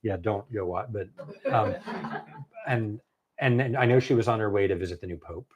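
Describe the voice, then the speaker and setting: A man, a novelist, telling a long story in casual conversation, animated and halting with many fillers and restarts. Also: lowish voice, dull audio, crowd noise. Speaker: novelist guest.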